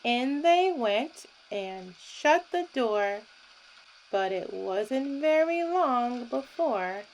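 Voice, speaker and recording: A woman reading picture books aloud as a gentle bedtime story, voicing the animal sounds with lively expression. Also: on the high side, extremely slow, a little hiss or hum, rough recording. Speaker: children's book reader.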